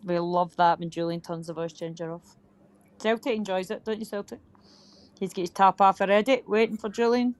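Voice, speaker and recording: A woman's voice: mid-range voice, dry recording. A woman hosting a livestream in casual chat, teasing people with lots of swearing and laughter. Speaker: livestream host.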